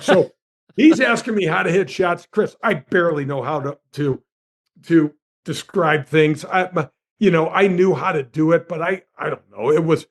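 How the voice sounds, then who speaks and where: A man in his sixties, a former golf pro, telling a long anecdote with lively swings in his voice and often addressing the host by name. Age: 60s. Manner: lively storyteller with big pitch swings.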